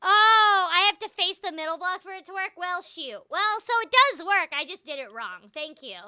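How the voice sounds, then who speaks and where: A woman's voice: very high-pitched, animated, normal speed, sharp tone. A young woman, a voice actor, giving casual, bubbly gameplay commentary, giggling often and filling her talk with "like". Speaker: voice actor streaming a game.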